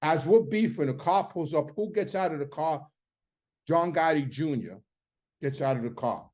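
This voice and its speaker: A middle-aged man tells a story in a casual, animated way. His voice sits a little high for a man. He gets louder and sharper when he acts out the arguments. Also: normal speed. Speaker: host telling a story.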